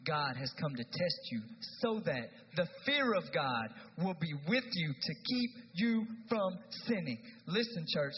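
A youth pastor in his thirties preaching a conversational sermon in a church, moving between hushed and loud. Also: on the high side, big pitch swings, measured pace, few pauses. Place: church sanctuary. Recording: dull sound with long hall reverb, faint noise.

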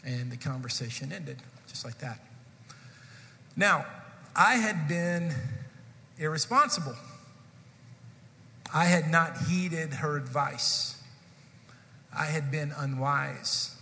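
A man's voice: a little high, takes it slowly, vocal fry, long pauses, bright, forceful tone. A male pastor, probably in his forties, telling a humorous personal story to his congregation in a sermon. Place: church sanctuary. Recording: long hall reverb.

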